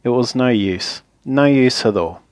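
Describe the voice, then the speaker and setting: A man reading a children's story aloud in a gentle, expressive way. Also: mid-range voice, unhurried, no room sound, clean studio sound.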